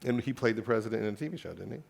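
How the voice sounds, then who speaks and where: A man's voice: on the low side, expressive, very fast, gravelly, husky. A man interviewing a comedian on stage, mostly brief prompts and questions. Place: live talk event stage.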